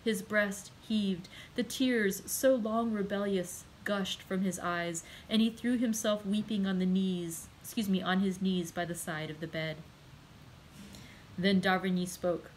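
A woman librarian narrating a classic novel aloud in a steady, measured reading. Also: medium pitch, slight background noise, rough recording. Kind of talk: audiobook narration.

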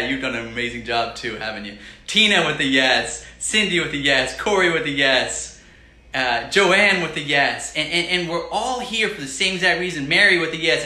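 A man talks straight to his live viewers in a bright, cutting voice, heaping on encouragement and repeating his points for emphasis. His voice rings around a reverberant room. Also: medium pitch. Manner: enthusiastic, repetitive motivational pep talk. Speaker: healthy-cooking livestream host. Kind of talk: live-stream cooking chat with viewers.

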